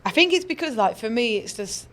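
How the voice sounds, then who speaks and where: A woman's voice: fairly high pitch, fairly quick, slight background noise. A woman, a professional footballer chatting as a guest and animatedly acting out the people in her stories. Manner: animated storyteller, acts out quoted people. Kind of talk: casual interview chat.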